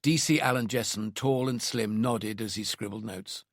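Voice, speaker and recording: A man narrating a crime thriller audiobook in a low, understated manner. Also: normal speed, no room sound, clean studio sound. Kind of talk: scripted narration.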